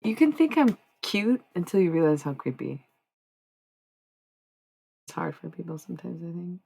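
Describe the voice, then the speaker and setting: A woman's voice: on the low side, very animated, normal speed, gravelly, mellow, husky, rough recording. A woman livestreamer in rambling casual chat, meandering and answering her chat as she goes. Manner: meandering, talks to chat, trails off.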